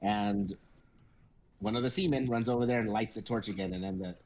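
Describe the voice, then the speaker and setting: A man narrating as game master of a tabletop game, casual and halting. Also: lowish voice, a little mellow, a little hiss or hum.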